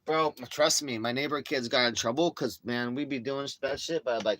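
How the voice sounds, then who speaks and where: A middle-aged man chatting casually on a livestream, rambling through profane stories. He jumps into quoted voices of himself and others as he talks, at an average pitch for a man. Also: moderate pace, bright, forceful tone, slight background noise. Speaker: livestream host.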